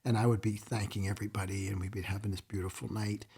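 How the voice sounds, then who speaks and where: A man's voice: fairly low pitch, flat delivery, fast, a little mellow, breathy edge. A man being interviewed as a guest, telling stories in an emotional, folksy way. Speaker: museum founder and guest. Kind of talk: casual interview storytelling.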